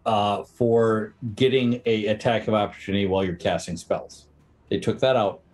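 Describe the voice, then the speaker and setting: A man's voice: mid-range voice, a little mellow. A man running a tabletop game as game master, chatty and teasing the players while he explains rules.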